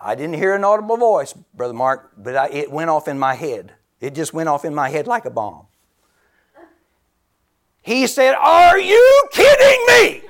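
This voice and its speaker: A man in his seventies preaching a sermon, exclaiming loudly, laughing between phrases and dropping to a near whisper for emphasis. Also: a little high, big pitch swings, moderate pace, pauses often. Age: 70s.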